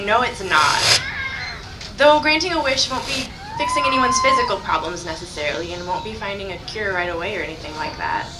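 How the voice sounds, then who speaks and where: A young woman speaking to a crowd for a charity, her voice squeaky because she is sick, enthusiastic and heartfelt. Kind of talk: speech to a crowd. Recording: echoey and distant in a noisy crowd. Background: crowd noise.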